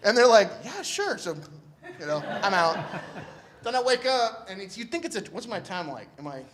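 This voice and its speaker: A young man tells a personal story to a live audience in an easygoing, joking way, slipping into the voices of the people he met. His voice sits high for a man and swings widely as he acts out each exchange. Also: expressive, normal speed, background noise. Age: young adult. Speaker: speaker telling a personal story.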